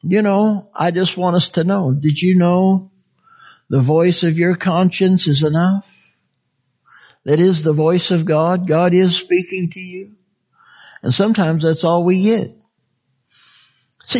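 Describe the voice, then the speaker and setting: A man preaching a sermon in a conversational, folksy way, with frequent chuckles and big swings between high, lively phrases and soft, quiet ones. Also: slow pace, long pauses. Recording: dull lo-fi sound.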